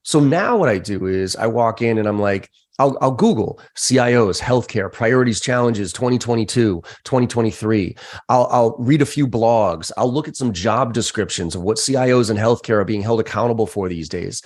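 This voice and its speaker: A middle-aged American man, a sales trainer, telling stories candidly with profanity and lively quoted voices. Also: normal speed. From United States. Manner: animated, profane, acts out quoted voices with big pitch jumps. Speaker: sales trainer and podcast guest. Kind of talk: candid conversational storytelling.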